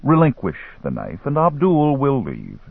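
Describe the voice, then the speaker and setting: A man reading an audiobook, voicing a calm, scheming male merchant who works spells, smooth and quietly menacing. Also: medium pitch, measured pace, no room sound, voice pushed up, full character voice. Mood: persuasive. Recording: tinny phone-like line.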